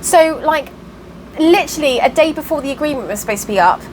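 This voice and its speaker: Woman vlogger, higher voice, tired and frustrated, venting to camera. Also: animated, fast, slight background noise, poor audio. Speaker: cross stitch vlogger. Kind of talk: casual chatty vlog update.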